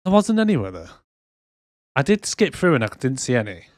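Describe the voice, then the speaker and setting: A man co-hosting a casual movie review podcast, sarcastic and quick to swear as he acts out scenes. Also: mid-range voice, very animated, no room sound, studio quality. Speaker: podcast co-host.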